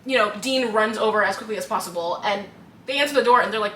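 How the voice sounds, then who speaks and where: A woman's voice: mid-range voice, fast talker, pushed and bright. A young woman co-hosting a casual book podcast, retelling scenes with lots of laughter and putting on the characters' voices. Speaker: podcast co-host. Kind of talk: casual book-club chat. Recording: echoey room, mic at a distance, faint noise.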